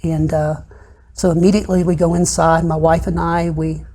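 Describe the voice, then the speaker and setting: Man, middle-aged, gravelly, dark tone, halting testimony, soft and low. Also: little pitch movement. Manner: halting retelling, heavy with "uh" and "I said". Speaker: interview guest. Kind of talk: personal testimony in conversation.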